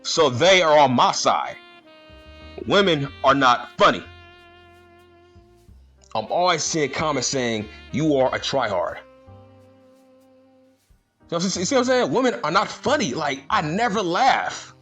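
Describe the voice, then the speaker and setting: Indignant man ranting, husky voice. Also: on the high side, big pitch swings, unhurried, pauses often, pushed and bright, soft background music. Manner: indignant, repeats rhetorical questions, slangy. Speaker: vlogger. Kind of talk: ranting vlog commentary.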